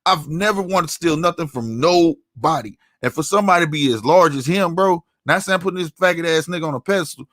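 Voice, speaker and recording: A man's voice: fairly high pitch, quick pace, few pauses, fairly bright tone, no echo, clean studio sound. A man giving a heated commentary rant, angry and profane, often tossing in "you know what I'm saying". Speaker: online commentator.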